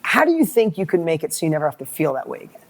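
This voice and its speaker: Middle-aged male guest, motivational storyteller, animated, repeats himself when fired up. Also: a little high, rapid-fire. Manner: animated, acts out quoted dialogue, repeats words when excited.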